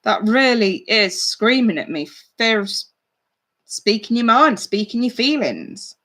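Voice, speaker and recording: A woman's voice: fairly high pitch, big pitch swings, unhurried, bright, forceful tone. Chatty woman reading tarot live. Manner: chatty, blunt, swears casually. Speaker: tarot reader.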